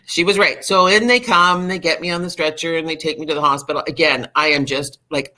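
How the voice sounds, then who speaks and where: A middle-aged woman appears as a podcast guest and opens up about her own recovery, speaking in a low register. Her telling is lively and candid, peppered with filler words.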